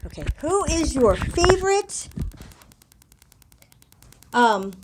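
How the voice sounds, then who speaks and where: High-voiced cheerful older woman teaching. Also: lively intonation, measured pace, very noisy. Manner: cheerful, playful coaching voice. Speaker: children's yoga teacher. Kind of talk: guided kids' yoga lesson.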